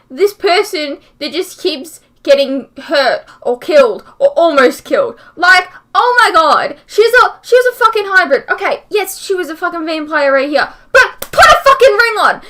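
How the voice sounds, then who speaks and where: A woman's voice: very high-pitched, sing-song, moderate pace, few pauses, pushed and bright. A young woman hosting a reaction vlog, ranting in frustration, swearing often and filling her talk with "like". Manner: frustrated, swears a lot, fillers like "like". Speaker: reaction channel host. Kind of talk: casual reaction vlog rant.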